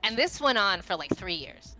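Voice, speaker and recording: A woman in her thirties, a podcast guest telling stories in a rambling, animated way full of fillers. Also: mid-range voice, moderate pace, over music, poor audio. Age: 30s. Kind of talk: casual podcast chat.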